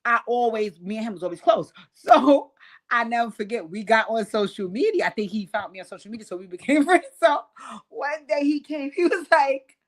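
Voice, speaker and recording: A middle-aged woman spins stories for her audience, swearing freely and breaking into laughter. Her voice sits a little high for a woman. She talks loose and animated, like a host chatting with regulars. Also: normal speed. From New York. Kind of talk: casual storytelling to a live audience.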